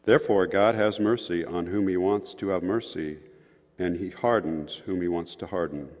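A man giving a formal scripture reading in a measured, solemn way. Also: sits low, a little mellow. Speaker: scripture reader. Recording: muffled, echoey hall sound.

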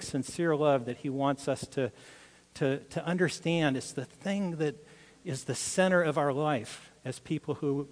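Older male pastor, slightly high voice, earnest storytelling sermon, lingering hall reverb. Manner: earnest, personal storytelling with frequent restarts.

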